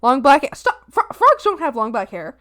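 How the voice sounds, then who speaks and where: A woman streamer chatting casually while she draws, playful and excitable, breaking into silly bits and bursts of shouting. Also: high-pitched, normal speed, dry recording, clean studio sound. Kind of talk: casual livestream chat while drawing.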